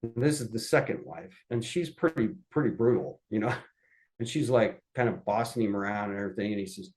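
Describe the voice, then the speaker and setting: A man's voice: lowish voice, fairly quick, low-quality recording. Folksy man telling family stories. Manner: folksy, lively storyteller acting out voices. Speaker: podcast guest. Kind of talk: anecdotal storytelling.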